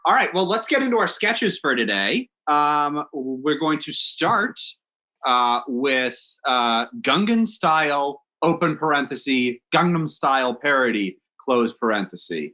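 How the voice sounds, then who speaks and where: A man's voice: on the high side, big pitch swings, unhurried, sharp tone. A man hosting a comedy podcast in an upbeat way, leading the talk into each segment. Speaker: podcast host. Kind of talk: casual podcast chat.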